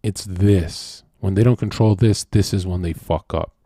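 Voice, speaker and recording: A man's voice: low-pitched, a little slow, dark tone, husky, no room sound, clean studio sound. A man hosting a stream, ranting in a crude, profane monologue and asking "right?" again and again. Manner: mock-quotes people in sudden voice swings. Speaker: streamer host.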